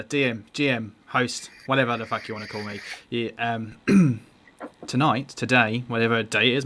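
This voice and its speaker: A man's voice: medium pitch, a bit bright. A man in his thirties from England, hosting and running the game, chatting casually with a laid-back, rambling manner and frequent laughs. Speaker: host and dungeon master. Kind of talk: casual chat. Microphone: home mic on online call.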